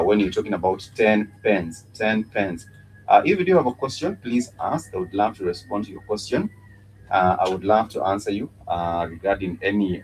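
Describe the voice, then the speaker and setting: A man's voice: fairly low pitch, slight background noise, rough recording. A man with a Kenyan accent teaching a live-streamed lesson, patiently repeating words and spelling them out. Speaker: Swahili teacher.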